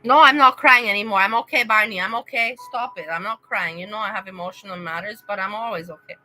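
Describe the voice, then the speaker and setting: On a livestream, a young woman chats casually and emotionally with her viewers, addressing them by name as she rambles. She talks fast in a mid-range voice that sounds pushed and bright, and the recording quality is low.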